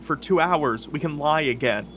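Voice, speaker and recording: A man playing a tabletop game, excitable and planning aloud, swearing casually. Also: on the high side, normal speed, a little hiss or hum. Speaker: player.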